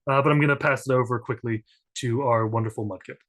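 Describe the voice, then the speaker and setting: A man's voice: mid-range voice, steady tone, fast, a bit bright. Mid-voiced guy rambling through his intro on a gaming stream, keeps cutting himself off. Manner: rambling, self-interrupting, jokey. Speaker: tabletop game player and game master.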